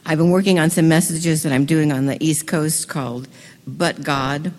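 A woman giving an enthusiastic talk to a women's gathering, moving between hushed, slow passages and excited bursts. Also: sits low. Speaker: speaker at a women's event. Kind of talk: sermon. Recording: long reverb of a hall.

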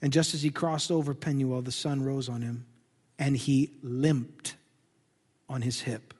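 A man preaching a sermon as pastor, dramatic, swinging from hushed tones to loud emphasis. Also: mid-range voice, level tone, unhurried, slightly rough, big-room sound.

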